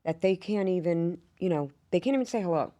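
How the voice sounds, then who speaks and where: A woman's voice: fairly low pitch, animated, a little fast, mellow. A woman co-hosting a comedy podcast, chatting casually and chiming in with short reactions. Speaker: podcast co-host. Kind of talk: casual chat.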